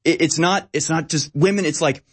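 A man's voice: on the high side, moderate pace, breathy edge. A man in casual conversation who rambles and acts out quotes in mocking voices.

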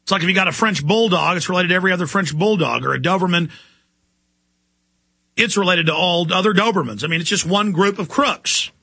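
High-pitched, forceful ranting man. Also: fairly quick, creaky, breathy edge, dry recording. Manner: impassioned, indignant ranting. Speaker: talk radio host. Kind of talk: talk radio monologue.

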